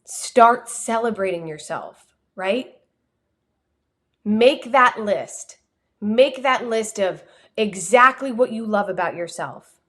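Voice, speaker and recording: A woman with a New Jersey accent, a communication coach giving an energetic, expressive motivational talk on a livestream. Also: mid-range voice, slow, long pauses. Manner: energetic, expressive, talks with her hands.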